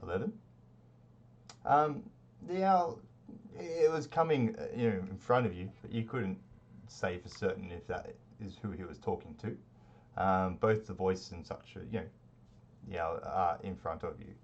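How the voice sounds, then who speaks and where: Deep-voiced man running a tabletop game. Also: measured pace, lo-fi sound. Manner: relaxed, rambling narration with many fillers. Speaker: game master.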